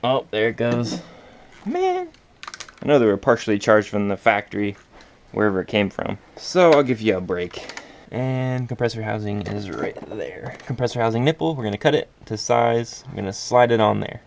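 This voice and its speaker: A man's voice: on the low side, big pitch swings, normal speed, creaky, slight background noise. A man talking casually through a car part install, muttering to himself and swearing while he works under the car. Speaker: car DIY vlogger.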